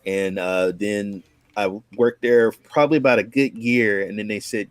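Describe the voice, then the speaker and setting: Speaking at a moderate pace in a lowish voice, with no room sound, a guest shares his life story. He's a content creator in his forties from Oakland, California, and his telling is casual and rambling, with repeated restarts and acted-out quotes.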